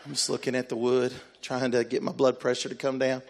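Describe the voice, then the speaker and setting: A man, a pastor, telling a story in a sermon in an animated, exclamatory way and acting out the voices. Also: medium pitch, a little fast, a little hiss or hum.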